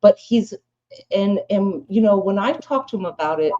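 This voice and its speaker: A woman's voice: medium pitch, lively intonation, moderate pace, dark tone, muffled recording. A woman speaking on a live panel, telling a rambling story in blunt, casual talk full of swearing. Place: live panel room with audience.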